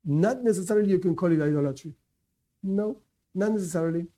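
A man teaches a class in a fairly high voice with a mellow, soft-edged tone. He talks in a loose, conversational way, hammering his main points again and again and stopping for quick asides. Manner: emphatic, repeats key points, conversational asides. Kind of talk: informal religious lecture.

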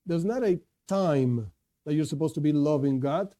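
Male lecturer, religious class, earnest and emphatic, voice pitched somewhat high. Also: normal speed, mellow. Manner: earnest, stresses key words, repeats and restarts. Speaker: Torah teacher.

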